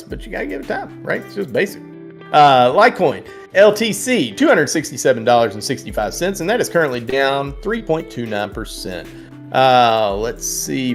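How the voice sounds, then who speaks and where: A man hosting a live trading stream, chatting casually as he reads out prices and viewers' names, laughing and sometimes singing names. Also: mid-range voice. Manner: chatty, reads prices and chat names, sing-song repeats of names, laughs often. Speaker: livestream trading host. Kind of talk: casual live market commentary.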